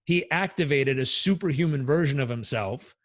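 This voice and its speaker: A man, a life coach, telling stories in a casual interview, energetic and blunt, swearing freely. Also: medium pitch, moderate pace, dry recording.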